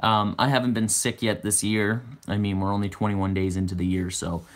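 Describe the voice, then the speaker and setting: A man's voice: lowish voice, level tone, brisk. A man in his twenties hosting a casual livestream, chatting and answering viewer comments aloud. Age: 20s. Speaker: livestream host.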